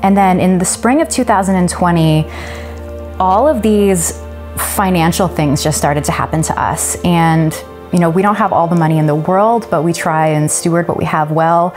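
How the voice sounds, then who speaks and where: Woman in her thirties, lowish voice, earnest church testimony over faint music. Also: moderate pace, darkish tone. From Canada. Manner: earnest, emotional storytelling. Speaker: church member giving a testimony. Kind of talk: personal testimony.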